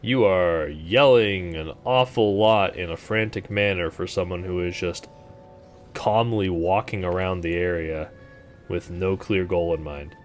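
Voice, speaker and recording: Wry, deep-voiced game streamer. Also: male voice, measured pace, faint music behind. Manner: wry, sarcastic, laid-back. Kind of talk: casual gameplay commentary.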